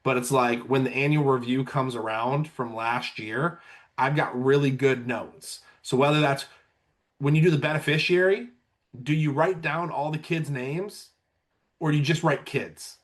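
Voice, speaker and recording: A man's voice: medium pitch, unhurried. A man who manages insurance agents, chatting casually on a podcast and telling sales stories, often acting out what clients said. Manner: storytelling, acts out clients' lines.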